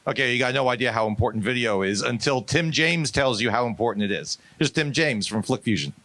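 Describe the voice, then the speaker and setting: A man's voice: medium pitch, lively intonation, a little fast, fairly bright tone, no room sound. A man acting as emcee at a conference, thanking a speaker and bringing on the next one with energy. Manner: upbeat, hypes the crowd. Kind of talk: stage introduction.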